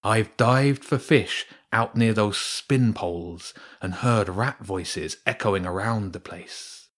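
A man voicing an aloof male cormorant with a smooth voice, speaking slowly and dryly. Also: on the low side. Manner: slow, dry, sarcastic.

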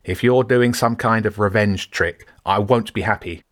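A man voicing a grumpy, sharp-tongued older female school caretaker with a whiny, barking delivery. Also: fairly low pitch, moderate pace, no echo, clean studio sound, lightly acted. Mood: dismissive. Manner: curt and dismissive. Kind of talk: audiobook character voice.

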